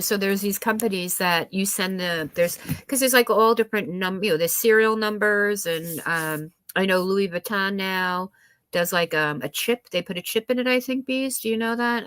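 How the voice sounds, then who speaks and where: A woman's voice: medium pitch, fairly bright tone, no echo. A woman chatting casually on her live stream, rambling with lots of fillers and restarts, her nose a little stuffy. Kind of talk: casual chat.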